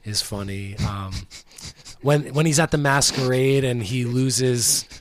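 A man co-hosting a casual podcast, retelling film scenes in an animated way. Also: medium pitch, slow pace. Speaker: podcast co-host.

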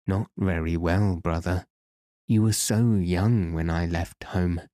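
A man's voice: low voice, fairly even intonation, slow, mellow, no room sound, clean studio sound. A man voicing an earnest, loving brother. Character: loving, anxious grown man searching for his brother.

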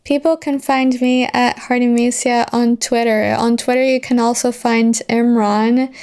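A woman's voice: on the high side, level tone, unhurried, a little mellow, smooth. A woman co-hosting a podcast, joking and laughing easily in casual chat. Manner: giggly, jokey. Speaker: podcast co-host.

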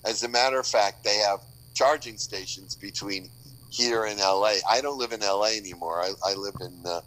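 A man's voice: lowish voice, moderate pace, fairly bright tone, low-quality recording. An older man from Boston, an author chatting casually on a call, rambling and joking with many restarts. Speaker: author guest. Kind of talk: casual podcast chat.

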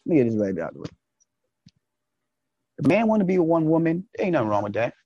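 A man delivering a casual, preachy monologue straight at his listeners, swinging between loud emphatic bursts and low asides. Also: big pitch swings, fast talker, no room sound, dull audio. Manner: preachy, speaks to listeners directly.

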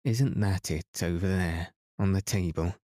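A man reading aloud, voicing a blunt, practical teenage girl with a brisk, offhand manner. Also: deep voice, dark tone, no room sound, clean studio sound.

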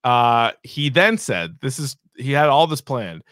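A man of middle pitch co-hosts a casual movie review podcast. He talks in loose, rambling runs, full of fillers, swearing and quick acted-out asides. His voice is close and dry, with no room sound. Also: sing-song, fairly bright tone, dry recording. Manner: rambling, profane, many fillers and quoted asides. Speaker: podcast co-host.

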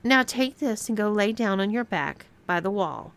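A woman's voice: mid-range voice, animated, normal speed, lightly acted. A woman voicing a bossy young woman who mocks and gives orders, with a teasing, commanding manner.

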